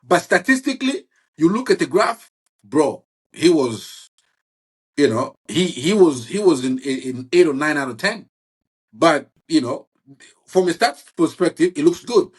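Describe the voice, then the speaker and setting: A man talking football in a casual chat, halting and restarting often and asking "you see what I'm saying". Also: a little high, big pitch swings, breathy edge. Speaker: football fan guest.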